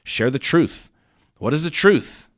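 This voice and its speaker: A man's voice: fairly high pitch, animated, slow. A man hosting his own podcast as a business coach, talking straight at the listener in an intense, blunt way, swearing freely and repeating words for emphasis. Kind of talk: motivational monologue.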